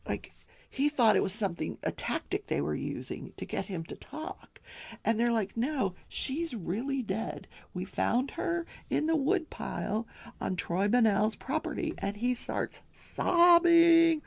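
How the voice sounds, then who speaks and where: Gravelly-voiced woman host, hushed asides. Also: mid-range voice, a little slow, no echo. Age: older. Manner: animated storytelling, dropping into hushed asides. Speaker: daily crafting and true crime show host. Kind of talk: casual chat recapping a trial while crafting.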